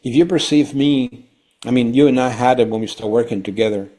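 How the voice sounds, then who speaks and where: A man, a company founder, explaining ideas on a conversational podcast in an emphatic way that turns louder when he gets excited. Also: mid-range voice, brisk.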